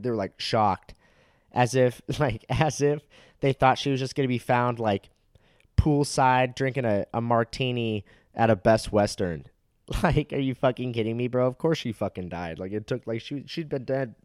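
A man's voice: medium pitch, a little mellow, no echo, studio quality. A young man hosting a casual solo podcast, rambling crudely with lots of swearing and filler words.

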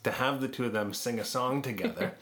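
Laughing frequently, a man who works as a podcast producer shares lively stories during a conversational interview. His voice is mid-range and a little fast.

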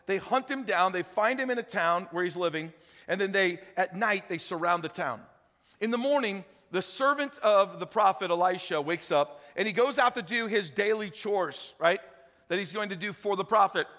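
A man preaching, retelling a story in an animated, conversational way with frequent asides to the listeners. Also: sits high. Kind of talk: sermon storytelling. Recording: echoey hall.

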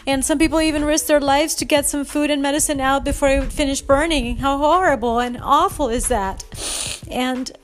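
High-voiced woman hosting a fitness podcast. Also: fairly even intonation, moderate pace, slight background noise. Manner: emotional, heartfelt, earnest. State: upset, near tears. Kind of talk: personal podcast monologue.

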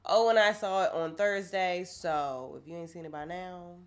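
A woman's voice: on the low side, normal speed. A woman in her twenties, hungover, co-hosting a podcast in casual, slangy, laughing chat. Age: 20s. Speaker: podcast co-host.

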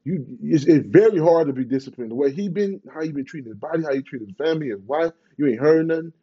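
A man's voice: a little high, lively intonation, fast, warm tone, breathy edge, highs cut off. Profane rambling Bay man. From Bay Area, California. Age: 30s. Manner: profane, rambling, emphatic slang. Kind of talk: casual vlog rant.

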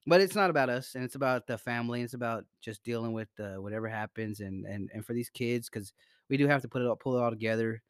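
A man's voice: medium pitch, quick pace, clean tone, dry recording, studio quality. A man co-hosting a podcast in casual chat, profane and rambling, often restarting his sentences. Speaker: podcast co-host.

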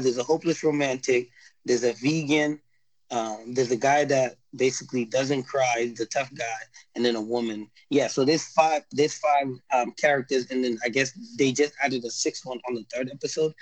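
A man's voice: medium pitch, no room sound, rough recording. A man in a casual podcast chat, rambling and laid-back as he recaps a TV show, full of slang and restarts.

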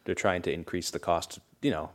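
A man's voice: deep voice, fairly quick. A man co-hosting a podcast in casual chat, explaining things with a knowing, sardonic edge. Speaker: podcast co-host.

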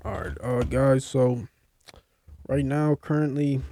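A man's voice: mid-range voice, flat delivery, slow, warm tone, slight background noise. A young man co-hosting a casual sports podcast, ranting and swearing heatedly about his team's play. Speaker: podcast co-host.

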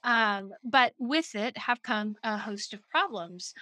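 A woman co-hosting a podcast, talking in a lively, chatty way with frequent laughter and quick asides. Her voice is bright and a little high, and the sound is close and dry. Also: dry recording. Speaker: podcast co-host. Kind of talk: casual chat.

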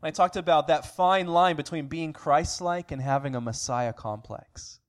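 A man's voice: a little high, moderate pace. A man preaching an earnest sermon as pastor, asking rhetorical questions and restarting phrases now and then. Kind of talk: sermon recap.

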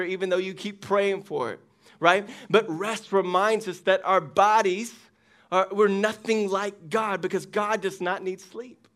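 A man's voice: high voice, fairly bright tone. A middle-aged pastor preaching a sermon, asking the congregation questions as he goes. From United States.

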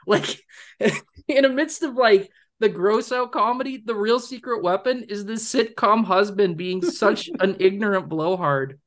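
A man's voice: high voice, animated, measured pace, a bit bright. A young man co-hosting a film podcast, talking enthusiastically in a rambling way with fillers and laughs. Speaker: podcast co-host. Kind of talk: casual film discussion.

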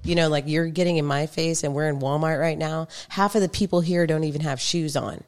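Female podcast guest, notably low voice, chatty storyteller who laughs a lot. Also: fairly even intonation, a little fast. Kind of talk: casual chat.

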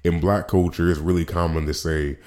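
A man's voice: sits low, level tone, brisk, darkish tone. A man hosting his own podcast in a casual solo monologue, rambling with frequent restarts and slang asides. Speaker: podcast host.

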